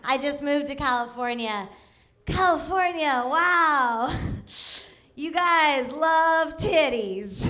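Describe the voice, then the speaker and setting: Woman, very high voice, unhurried delivery, giggles mid-line, stand-up set. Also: animated, background noise. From New York City. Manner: giggly, laughs through lines. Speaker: stand-up comedian. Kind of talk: stand-up routine. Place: comedy club stage.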